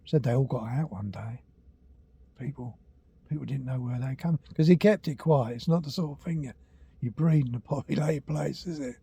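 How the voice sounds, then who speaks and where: Chatty older man, dark husky voice. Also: mid-range voice, normal speed. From England. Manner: rambling, chatty, self-correcting, laughs at own tales. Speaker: walking vlogger. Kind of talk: casual storytelling to camera. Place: at home, indoors.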